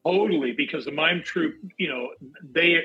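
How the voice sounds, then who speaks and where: A man and actor, chatting casually as an interview guest, telling animated stories and bursting into loud acted-out quotes. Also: a little high, moderate pace, breathy edge, dull audio. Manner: animated storyteller, acts out quotes in big voices. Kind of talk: casual anecdotal chat.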